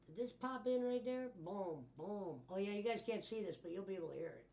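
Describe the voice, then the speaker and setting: A man's voice: high-pitched, expressive, a little fast, vocal fry, darkish tone. Laid-back male streamer chatting over clips. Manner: loose, laughing, profane chatter. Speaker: streamer host. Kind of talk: casual stream commentary over old clips.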